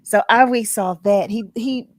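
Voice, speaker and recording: A woman's voice: fairly high pitch, normal speed, no room sound. Candid, laughing woman radio host. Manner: animated, laughs often, candid storytelling. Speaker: radio talk show host. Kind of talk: casual chat. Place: broadcast studio.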